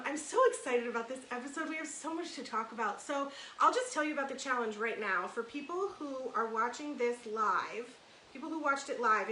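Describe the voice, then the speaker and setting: A rather high-pitched woman in her thirties rambles chattily as a podcast host, piling up fillers and restarts. Her voice rings in a room with a lot of echo, over a faint hiss. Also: sharp tone. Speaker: podcast host and life coach. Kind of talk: casual livestream monologue.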